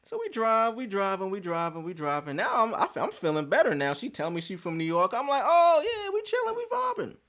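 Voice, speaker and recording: A male podcast host spinning a story in loose, cursing street slang. His pitch swings all over the place as he acts out every scene, leaping from low mutters to high yelps. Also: a little fast, few pauses. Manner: animated, slangy and profane, acting out scenes. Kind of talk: casual storytelling.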